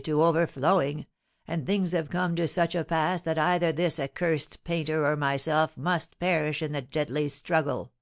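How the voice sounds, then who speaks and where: A woman's voice: deep voice, creaky. A woman voicing a mournful, timid middle-aged male porter who moans in a dolorous voice. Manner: moaning, dolorous.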